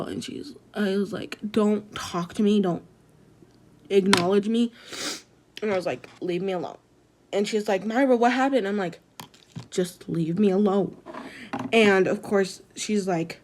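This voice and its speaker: A teenage schoolgirl recounts her school drama in a lively, dramatic way. She speaks at an ordinary, middle pitch and keeps saying "I was like" as she acts out the scene. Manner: animated, dramatic retelling full of "I was like". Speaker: student. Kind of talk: casual storytelling to camera.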